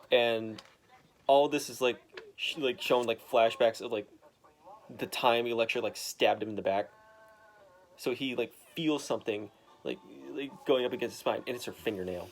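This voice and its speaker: A young man talks through a comic book plot in a loose, rambling way, full of "like" and restarts. His voice sits at an ordinary middle pitch, and he slips into the characters' lines as he goes. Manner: rambling, filler-heavy retelling with quick quoted voices. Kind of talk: casual retelling of a comic story.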